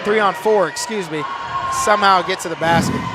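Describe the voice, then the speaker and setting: A man calling play-by-play for a local basketball game, excitable and shouting big plays, his voice worn hoarse. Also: high-pitched, brisk, a loud crowd. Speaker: play-by-play announcer.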